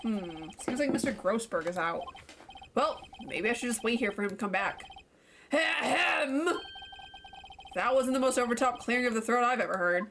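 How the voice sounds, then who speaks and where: A woman's voice: fairly high pitch, brisk, a bit bright, a little hiss or hum. A woman streamer playing a game and commenting casually and playfully, reading the dialogue aloud. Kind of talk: casual let's-play commentary. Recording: game music behind.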